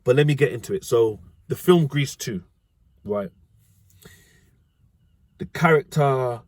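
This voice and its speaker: A slangy British man with a mid-range voice, who gives dating advice as a vlogger, tells a casual story in a rambling monologue, regularly correcting himself. It's recorded close and dry, with no echo.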